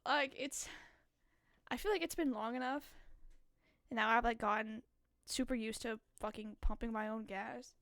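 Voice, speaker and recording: A woman's voice: on the high side, normal speed, pauses often, fairly bright tone, no room sound, clean studio sound. A young adult woman streaming, chatting casually with her chat, giggly and rambling with lots of fillers.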